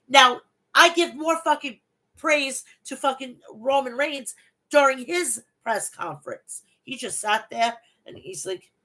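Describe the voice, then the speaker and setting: Bright-voiced woman ranting, blunt and profane. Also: high voice, low-quality recording. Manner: reads event recap aloud. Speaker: wrestling podcast host. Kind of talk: ranting solo review.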